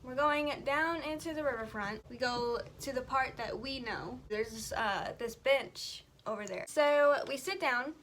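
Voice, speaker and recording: A young woman with a high voice talks straight to her viewers, chatty and a little tearful as she tells a personal story. She speaks casually and breaks off now and then, putting on her makeup as she goes. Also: fairly bright tone, slight background noise. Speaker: beauty vlogger.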